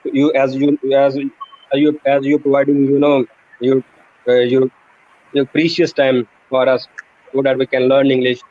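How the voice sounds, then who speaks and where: A man's voice: mid-range voice, monotone, unhurried, darkish tone. Hesitant male student on a dull line. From Pakistan. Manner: hesitant, repeats and restarts. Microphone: video call.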